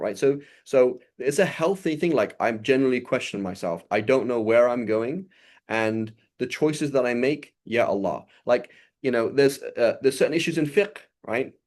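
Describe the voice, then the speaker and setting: A man's voice: mid-range voice, lively intonation, measured pace, a little mellow. A man giving an informal religious lesson, talking loosely and often checking in with his listeners. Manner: conversational, often checks in with "right?"; recites Arabic passages fluently. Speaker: religious teacher.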